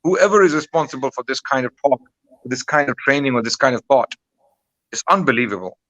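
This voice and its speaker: A man's voice: medium pitch, animated, fairly quick, pushed and bright, no room sound, rough recording. A man giving impassioned commentary as a guest, indignant and full of rhetorical questions.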